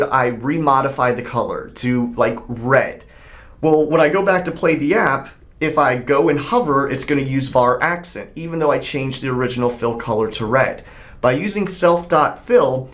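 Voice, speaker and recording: A man of ordinary middle pitch talks through a software tutorial while he works on screen. He explains each step plainly and conversationally, thinking out loud as he clicks along.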